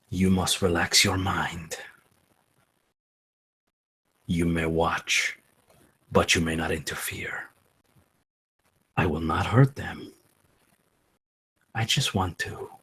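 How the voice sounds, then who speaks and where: A man voicing a calm, commanding male ghost, speaking low, slow and hushed, at times sinking to a whisper. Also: husky, heavily acted.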